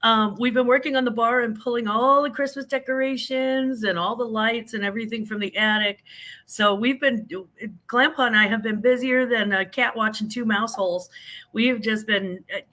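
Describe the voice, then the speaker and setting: A woman's voice: on the high side, steady tone, normal speed, bright, forceful tone. A woman guest on a live stream, slightly stuffed up, chatting in a folksy, talkative way with homespun sayings. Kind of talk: casual chat.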